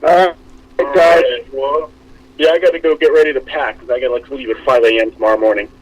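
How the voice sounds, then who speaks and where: Husky-voiced man telling a story. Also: mid-range voice, fast talker, rough recording. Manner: animated storytelling, swearing and acting out quoted friends. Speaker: podcast co-host. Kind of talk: casual chat.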